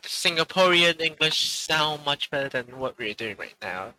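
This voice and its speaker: Bright-voiced teasing man. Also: a little high, animated, unhurried, rough recording. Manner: teasing, jokey. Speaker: podcast co-host. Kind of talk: casual chat on a call. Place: online voice call.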